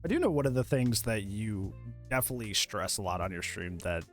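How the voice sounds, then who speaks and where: A man hosting a casual interview, asking questions and giving his own views with lively, swooping intonation. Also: lowish voice, fairly quick, soft background music. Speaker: podcast host.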